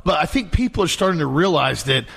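A man's voice: a little high, animated, quick pace, vocal fry, a bit bright, slightly rough. A man chatting casually, reacting and adding his own comments. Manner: chimes in with short reactions and agreement. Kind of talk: casual chat.

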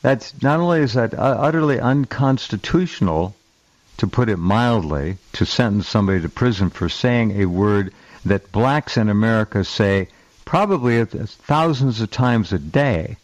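A man's voice: on the low side, expressive, normal speed, no echo, dull audio. A man hosting a talk show, speaking emphatically with hesitant starts.

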